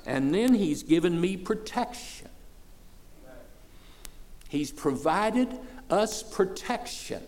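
A man in his sixties, a pastor preaching a sermon in church, folksy and plain-spoken, swelling loud for praise and then dropping low and soft. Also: animated, slow pace, pauses often. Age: 60s.

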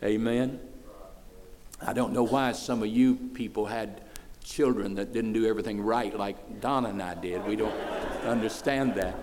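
A man in his sixties, a pastor preaching a sermon in church, folksy and plain-spoken, swelling loud for praise and then dropping low and soft. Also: moderate pace, a little hiss or hum. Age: 60s.

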